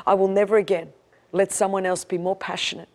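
An Australian woman in her fifties preaching a sermon, passionate and emphatic, moving between rousing declarations and quieter storytelling. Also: medium pitch, flat delivery, brisk.

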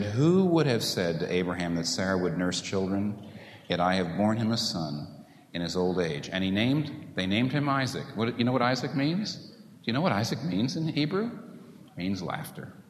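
A male preacher delivers a sermon with a lively, swooping pitch, firing rhetorical questions at the congregation. His voice rings through a large hall with a long reverb tail. A faint hum of room noise sits underneath. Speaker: pastor.

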